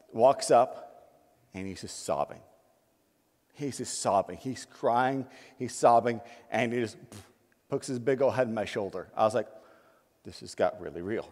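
A man preaching a sermon as a pastor, telling a personal story in a conversational, animated way. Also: medium pitch, big-room sound. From United States. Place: church sanctuary.

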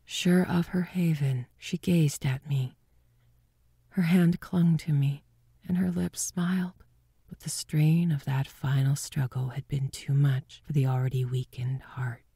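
A woman narrating a ghost story in a hushed voice that often drops to a whisper. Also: low-pitched, steady tone, unhurried, creaky, breathy edge, no echo, clean studio sound.

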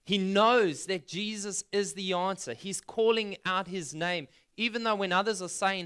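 Bright, clear-voiced man preaching. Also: sits high, a little slow. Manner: conversational preaching, asks the audience questions; reads scripture aloud and retells it in plain words. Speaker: pastor. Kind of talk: sermon.

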